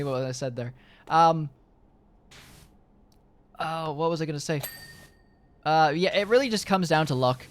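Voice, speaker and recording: A young man streaming, chatting casually to his viewers in a rambling way, full of fillers and swearing. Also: fairly high pitch.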